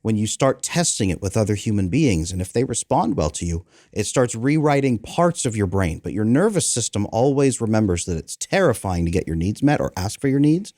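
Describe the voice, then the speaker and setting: A man's voice: on the low side, fairly quick, few pauses, no echo, studio quality. A man in his thirties, a guest on an interview show, explaining emphatically and with energy. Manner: emphatic, energetic, acts out quoted dialogue. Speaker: guest, attachment coach. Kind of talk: animated explanatory interview talk.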